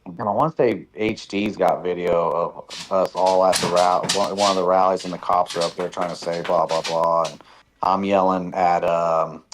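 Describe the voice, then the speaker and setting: Brief: man, very low voice, casual profane chat, animated storyteller. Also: moderate pace, a little hiss or hum, low-quality recording. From Nevada, USA.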